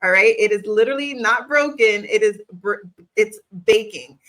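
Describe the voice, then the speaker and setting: A woman's voice: mid-range voice, normal speed, a bit bright, rough recording. A woman in her thirties, a business coach, giving a faith-based motivational talk and speaking straight to the viewer in an encouraging way. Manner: encouraging, talks straight to the viewer with repeated questions.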